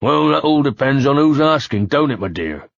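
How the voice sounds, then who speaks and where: A man's voice: mid-range voice, very animated, normal speed, gravelly, no echo, voice pushed up. A leering, mocking guard with a broad West Country accent, as a man puts him on for an audiobook. He drawls his lines with a grin in the voice. The sound is muffled and close, with no room around it. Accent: West Country English.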